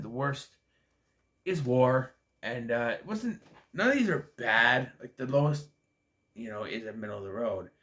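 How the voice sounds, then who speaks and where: A man's voice: mid-range voice, lively intonation, a little slow, a bit bright. Drowsy guy vlogging his movie rankings, rambly and loose, mid-range voice. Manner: rambling, yawning, lots of fillers. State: sleepy. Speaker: movie reviewer. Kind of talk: casual vlog movie ranking.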